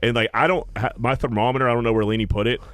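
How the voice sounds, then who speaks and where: A man's voice: mid-range voice, fairly even intonation, very fast, fairly bright tone, clean tone, dry recording. A young man, co-hosting a podcast and animatedly telling crude personal stories through bursts of laughter. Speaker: podcast co-host. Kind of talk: casual podcast chat.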